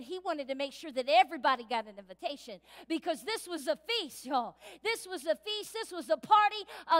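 A woman pastor preaching a sermon in a church, lively and playful, acting out voices as she goes. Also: extremely high pitch. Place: church sanctuary. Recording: reverberant church hall.

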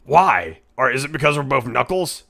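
A man voicing a brash, hot-headed male echidna in a live-stream role-play, rambling, stammering and crude, quick to yell. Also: mid-range voice, big pitch swings, gravelly, heavily acted. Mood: rambling banter.

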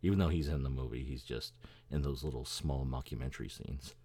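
Very deep-voiced rambling male podcaster. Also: brisk, mellow, breathy edge, dry recording. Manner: rambling, profane, chuckling. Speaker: podcast host. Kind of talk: casual chat.

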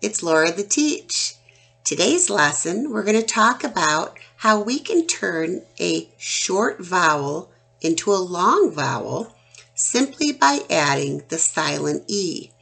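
A woman teaching a children's phonics lesson, talking slowly and deliberately and sounding out letters one by one. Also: fairly low pitch, sing-song, gravelly, a bit bright, breathy edge.

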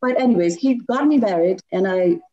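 A middle-aged woman sharing personal devotional stories in a lively talk, laughing often as she tells them. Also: medium pitch, fairly quick, dull audio. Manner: animated storytelling with frequent laughs.

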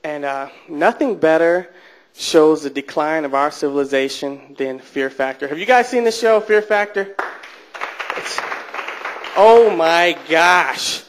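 High-voiced Michigan comic in his late twenties. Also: a little slow, slight background noise. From Detroit, USA. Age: late 20s. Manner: self-deprecating, chatty, with nervous restarts. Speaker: stand-up comedian. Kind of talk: stand-up comedy set. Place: comedy club stage.

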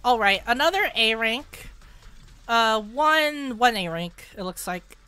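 A woman hosting a casual gaming video, commenting on her pulls and breaking into shrieking, repeated exclamations when excited. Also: fairly high pitch, takes it slowly, clear, resonant tone, no room sound. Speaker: gaming channel host. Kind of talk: casual gacha pull commentary.

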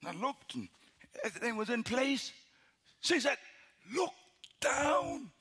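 A very high-pitched, husky voice belongs to a middle-aged male pastor telling a story during a sermon, a little slowly. He dramatizes it, moving from loud, shouted lines to hushed, whisper-like ones.

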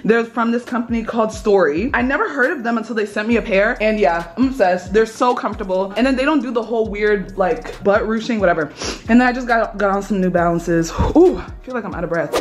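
A young woman, chatting excitedly in a casual vlog and laughing often. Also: medium pitch, a little fast. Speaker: vlogger.

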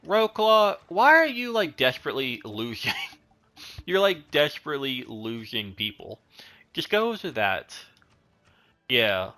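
A man's voice: medium pitch, very animated, a little slow, sharp tone. A young man giving rambling, casual commentary while he plays a strategy game, chatting at his units. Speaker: gaming channel host.

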